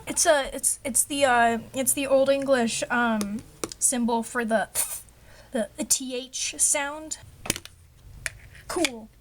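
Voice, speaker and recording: A woman's voice: sits high, a little hiss or hum. A young woman rambling to herself in a casual craft vlog, chatty and self-mocking. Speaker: vlogger.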